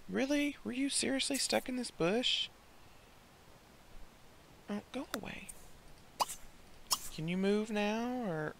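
A man's voice: very high-pitched, expressive, slow, vocal fry, long pauses, a bit bright, slight background noise. A young man hosting a casual gameplay let's play, often exasperated and scolding the characters he controls.

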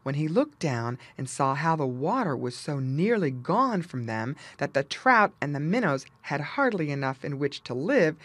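A woman reading a children's storybook aloud as audiobook narrator, with lively storytelling. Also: sits low, slightly rough, no room sound. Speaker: audiobook reader.

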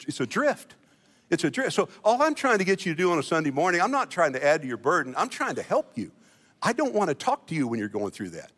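A man's voice: on the high side, a bit bright. Folksy man preaching in a reverberant hall. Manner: folksy and self-deprecating, with many restarts and repeated words. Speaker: senior pastor. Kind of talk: sermon. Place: church sanctuary. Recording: long church hall reverb.

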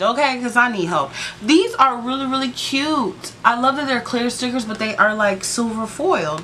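A woman's voice: medium pitch, sharp tone, a little hiss or hum. A woman vlogging a casual sticker book flip-through, chatty and gushing, with sassy playful asides to her viewers.

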